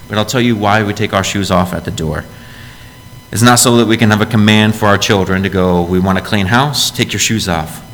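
A man with a lowish voice preaches a sermon in a church, earnest and direct, often asking his listeners questions. His words ring out with a long reverb, over a faint low rumble. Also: fairly bright tone. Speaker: pastor.

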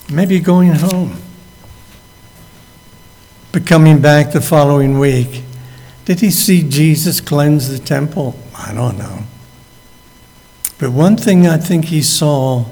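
A man's voice: on the high side, darkish tone. A man preaching a sermon, acting out the figures in the story as he tells it. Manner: acts out the quoted speakers as he tells the story. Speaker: pastor. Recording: long hall reverb.

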